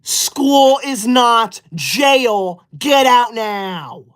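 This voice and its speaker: A performer playing a self-righteous young livestreamer who loves school, scolding the chat with indignant, sudden shouted outbursts into a close mic. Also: medium pitch, lively intonation, drawn-out words. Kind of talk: comedy sketch livestream.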